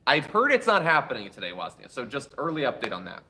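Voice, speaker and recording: A man's voice: medium pitch, huge pitch swings, fast talker, bright, forceful tone. A man hosting a political commentary show, reading viewer chats with wry asides, and saying he is tired.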